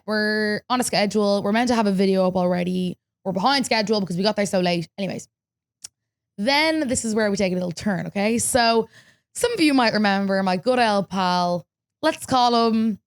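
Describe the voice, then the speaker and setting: A young Irish woman hosting a podcast, telling a story in casual chat, lively and swearing freely as she acts out what people said. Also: a little high. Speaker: podcast host.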